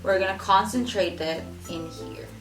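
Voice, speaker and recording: Medium-pitched and moderately paced, this young adult woman chats her way through a makeup tutorial as a beauty vlogger, often saying words twice for emphasis. The audio has a roomy echo and faint music underneath.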